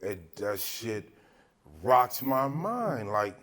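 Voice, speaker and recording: A man's voice: mid-range voice, sing-song, drawn-out words, a bit bright. A man from Southern California hosting a podcast, telling stories in a casual, profane way and acting out the people in them. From Altadena, Southern California. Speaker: podcast host. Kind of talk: casual storytelling chat.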